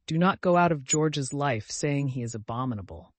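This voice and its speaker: A gentle, grieving old man, as a male reader voices him, earnest and pleading, in a mid-pitched voice. The recording is close and dry, without room sound. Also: expressive, normal speed, dry recording, natural voice.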